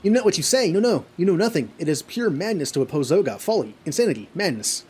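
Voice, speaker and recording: A man voicing a cowering, whining male kobold, reading the lines haltingly with stumbles and husky tone. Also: fairly high pitch, big pitch swings, darkish tone, faint music behind, voice pushed up, exaggerated voice. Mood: fearful.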